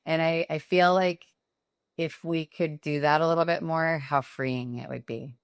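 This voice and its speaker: A woman's voice: sits low, fairly even intonation, measured pace, smooth, dry recording, studio quality. A middle-aged woman guest founder talking candidly in a casual interview, with lots of fillers. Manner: candid, chatty, many fillers. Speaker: guest, company founder and CEO.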